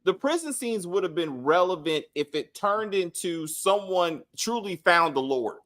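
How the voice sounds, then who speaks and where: A man co-hosting a casual TV review chat, animated and often acting out scene lines in put-on voices. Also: high voice, a little slow. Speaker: co-host reviewing a TV show.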